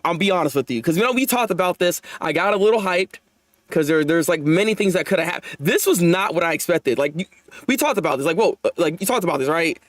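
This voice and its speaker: A young man hosting a live manga chapter reaction, animated and laughing often as he talks to his viewers. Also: sits high, no room sound.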